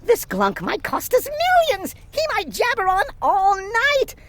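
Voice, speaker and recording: A frantic little girl, as a woman reading aloud puts her on, squeals and pleads at a high pitch. Her voice jumps up sharply above the narrator's and swings wildly. It is a bright, excitable storybook voice. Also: a little slow, full character voice. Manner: shrill, panicky.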